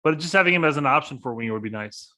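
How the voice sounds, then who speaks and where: A man co-hosting a casual soccer podcast, rambling and thinking aloud with plenty of restarts. His voice is bright and a little forceful. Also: fairly high pitch, animated, racing. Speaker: podcast co-host.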